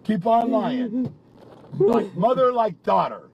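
A man's voice: very high-pitched, takes it slowly, creaky, husky, highs cut off. A man in a heated private argument, talking in an angry, profane, accusing rant.

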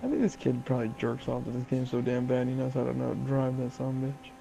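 A young man giving casual, profane, excitable commentary while playing a game with a friend. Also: medium pitch, fast talker, vocal fry, slight background noise. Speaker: gameplay channel host.

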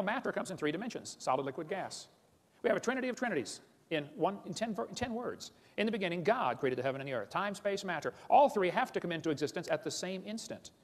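Fast, mocking man lecturing in a hall. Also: high-pitched. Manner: mocking, blunt, repeatedly calls ideas stupid; rapid-fire, addresses audience as boys and girls. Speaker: creationist lecturer. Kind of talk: seminar lecture to an audience.

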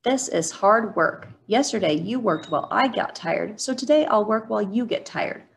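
A woman's voice: medium pitch, animated, moderate pace, gravelly. A woman doing a sly sleepy turtle. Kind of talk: storybook reading.

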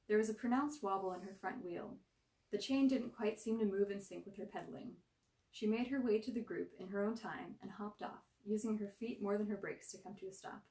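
A woman reading a short story aloud with lively, expressive narration. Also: medium pitch, a little fast, vocal fry, reverberant, distant mic. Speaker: story reader.

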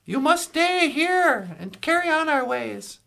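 Brief: cheerful rambling male frog puppet, high and gravelly, telling a joke. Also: very animated, slow pace, sharp tone, heavily acted. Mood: joking. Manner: rambling storyteller with restarts and asides. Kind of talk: comedic call-in impression.

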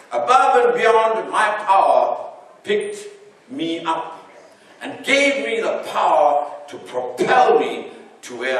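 Slow, animated preacher man in an echoey hall. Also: sits high. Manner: animated preaching, swelling and dropping his voice. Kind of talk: sermon. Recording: echoey hall, voice from far off the mic.

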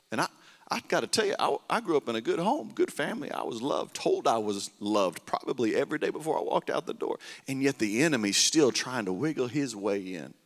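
Pastor preaching in a reverberant hall. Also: male voice, medium pitch. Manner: animated storytelling, swinging from loud to hushed. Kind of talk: sermon. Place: church sanctuary.

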